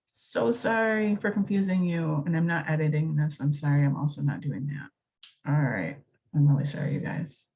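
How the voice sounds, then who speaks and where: A low-voiced woman talks through a math lesson in a relaxed, chatty way. Her voice is a little husky, and she thinks aloud, stops and corrects herself as she works the problems. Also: moderate pace. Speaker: math teacher. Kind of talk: recorded lesson walkthrough.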